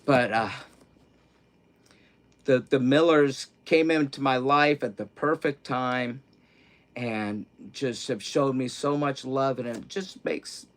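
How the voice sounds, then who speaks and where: A man's voice: mid-range voice, slow. Rambling middle-aged man on a livestream. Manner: rambling and candid, swinging between hushed grief and loud excitement; self-interrupting, repeats words. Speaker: livestream host. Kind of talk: casual livestream chat.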